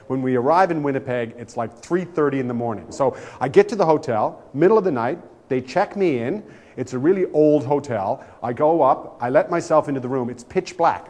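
A man telling a comic anecdote aloud in an animated way and acting out the voices of the people in his story. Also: mid-range voice.

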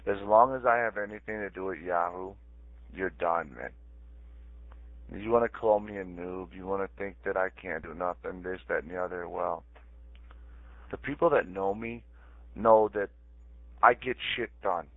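A man's voice: on the low side, moderate pace, dry recording. Angry man ranting over tinny voice chat. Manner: angry, threatening, repeating himself. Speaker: chat room user. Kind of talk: heated voice chat rant. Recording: tinny phone-like voice chat audio.

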